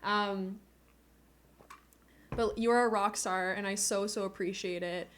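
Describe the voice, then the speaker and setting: Here a woman with a mid-range voice and fairly level intonation talks at a measured pace during a relaxed live stream. Emotional and effusive, she keeps laughing and sounds close to crying, picked up by a cheap home desk mic.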